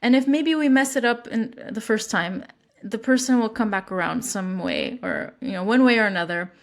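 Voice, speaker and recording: A woman hosting a podcast, talking casually with many restarts and acting out example lines. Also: normal speed. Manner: rambling, many restarts and fillers; acts out quoted lines with lifted pitch. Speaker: podcast host. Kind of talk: casual chat.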